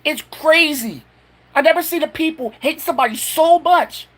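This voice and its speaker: A man's voice: extremely high pitch, moderate pace, fairly bright tone. A man ranting furiously to camera in a home vlog, profane and stammering with anger. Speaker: vlogger.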